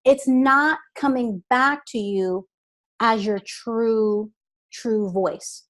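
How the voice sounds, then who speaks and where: Woman voice coach, a bit high, patient and deliberate, guest on an interview. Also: fairly bright tone. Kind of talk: instructive interview talk.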